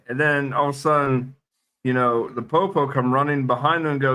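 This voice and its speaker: A man's voice: mid-range voice, steady tone, fairly quick, bright, forceful tone. A man co-hosting a casual podcast, acting out little scenes and swearing. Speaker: podcast co-host.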